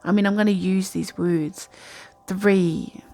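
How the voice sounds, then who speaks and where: A woman's voice: mid-range voice, steady tone, takes it slowly, a little mellow. A woman giving a casual, rambling tarot reading from home at night, talking in a chatty, intuitive way. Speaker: tarot reader.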